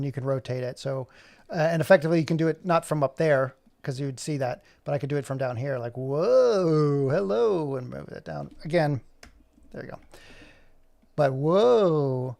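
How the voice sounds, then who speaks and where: A man's voice: on the high side, steady tone, a little fast, warm tone. A middle-aged man talking through an animation tutorial as he works, chatty and self-mocking, muttering to himself. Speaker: video creator. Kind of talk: screen-recorded tutorial with running commentary.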